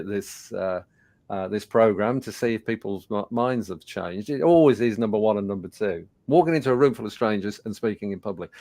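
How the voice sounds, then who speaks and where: A man in his sixties from England, giving a webinar talk as a presenter and telling personal stories in a conversational, animated way with fillers. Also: medium pitch, gravelly, dry recording. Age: 60s. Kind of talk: storytelling presentation.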